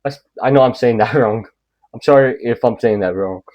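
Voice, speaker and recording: A man reading creepy online stories in an even, middle-pitched voice. He reads slowly and keeps slipping into goofy, rambling side comments. The recording is dull and dry, with no room sound. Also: no room sound. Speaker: YouTube story reader.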